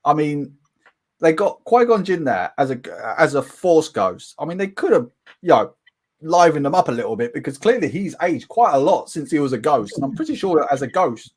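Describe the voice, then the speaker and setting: A British man hosting a casual live-stream chat, animated and often laughing, breaking into quick impressions. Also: a little high, breathy edge. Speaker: host.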